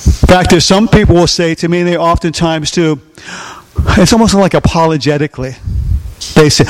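A man's voice: fairly high pitch, normal speed, long pauses. A middle-aged male pastor preaching a sermon, emphatic, putting questions to the congregation and repeating his key lines.

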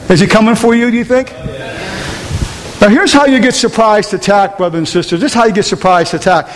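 A man's voice: sits high, fairly quick. A man preaching a sermon to a congregation, emphatic and repeating rhetorical questions. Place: large room with an audience. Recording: long hall reverb, faint hiss.

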